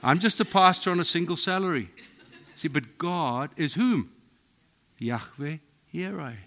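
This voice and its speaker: A middle-aged South African man, a pastor preaching a sermon, telling stories in a voice that drops to a hush and then rises to loud exclaiming. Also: on the high side, expressive, measured pace. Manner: storytelling, swings from hushed to exclaiming.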